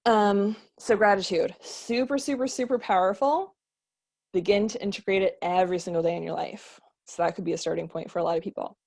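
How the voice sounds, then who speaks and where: A woman's voice: medium pitch, brisk, darkish tone. A young adult woman business coach teaching a casual online lesson, chatty and filler-heavy, swearing casually.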